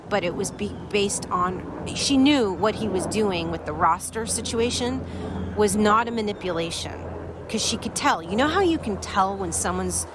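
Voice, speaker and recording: A woman hosting a recovery support show, telling a story in a chatty, animated way and addressing listeners directly. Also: mid-range voice, noisy background. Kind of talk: storytelling to an audience.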